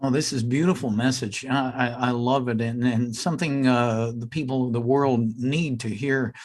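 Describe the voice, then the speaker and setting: A man's voice: mid-range voice, steady tone, moderate pace, darkish tone. Friendly male podcast host, hesitant. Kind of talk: interview.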